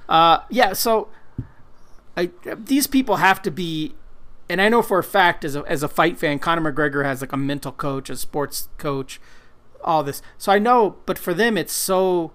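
A man's voice: on the high side, moderate pace, fairly bright tone. A man co-hosting a casual podcast, rambling and swearing in a self-deprecating way. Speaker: podcast co-host, comic colorist.

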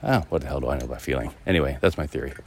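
A man's voice: very deep voice, very fast, creaky, a little mellow, a little hiss or hum. A man hosting a podcast, talking in a loose, rambling reflective monologue while out walking his dog, with many fillers and restarts. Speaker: podcast host. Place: outdoors, walking a dog through a neighborhood.

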